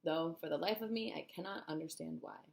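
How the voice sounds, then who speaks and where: A woman's voice: low-pitched, a little fast, gravelly. A woman voicing a kind, reassuring female ladybug in a storybook reading. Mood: wry.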